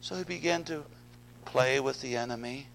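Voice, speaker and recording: A man's voice: medium pitch, moderate pace, vocal fry, fairly bright tone, slight background noise, low-quality recording. A man preaching a sermon, earnest, often repeating words and asking the congregation questions. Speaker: pastor.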